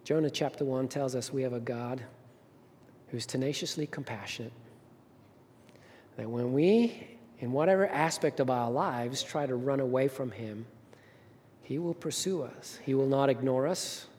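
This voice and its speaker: A man preaching a sermon as pastor, telling a story with emphatic rises and soft drops. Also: medium pitch, normal speed, a little hiss or hum. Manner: storytelling, rising to emphatic peaks then dropping soft. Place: church sanctuary. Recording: reverberant hall.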